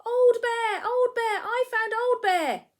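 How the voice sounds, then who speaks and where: A woman reading a storybook aloud, voicing a small excited young male teddy bear with a high, eager manner. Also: normal speed, husky. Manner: high, eager and breathless exclaiming.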